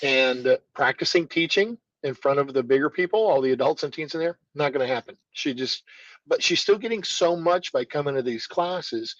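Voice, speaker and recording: A man's voice: fairly high pitch, moderate pace, dry recording, muffled recording. A man who runs a martial arts school, telling stories as a podcast guest and acting out the dialogue. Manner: animated storyteller, acts out quoted dialogue. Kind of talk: storytelling in a podcast interview.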